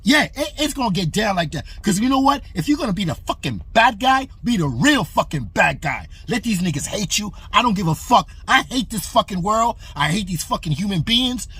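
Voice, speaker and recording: A man's voice: sits high, sing-song, brisk, few pauses, fairly bright tone, breathy edge, dry recording. A man hosting a boxing commentary channel, delivering a heated, profane opinion rant to camera. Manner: heated, aggressive, repetitive and profane.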